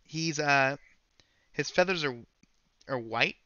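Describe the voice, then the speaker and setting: A man's voice: fairly high pitch, slow, sharp tone, clear, resonant tone, no room sound, lo-fi sound. A man narrating as game master of a tabletop role-playing game, rambling and correcting himself as he describes scenes.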